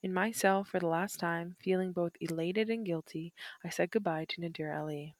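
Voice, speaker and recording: A woman reads a first-person memoir aloud in a measured, reflective way. Her voice sits low, and the recording is dry and close with no room sound. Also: steady tone, no echo. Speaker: narrator.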